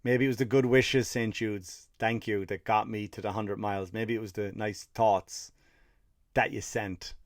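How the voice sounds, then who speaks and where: In an unhurried, lowish voice with fairly even intonation, an Irish comedy podcaster tells a meandering, foul-mouthed story with fired-up rants. He's drained from running 50 miles in the tale. The recording is dry and clean, studio quality.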